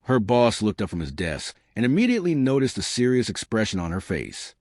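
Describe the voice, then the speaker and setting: Lively low-voiced man telling jokes. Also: brisk, dry recording, studio quality. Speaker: joke narrator. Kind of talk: scripted joke narration.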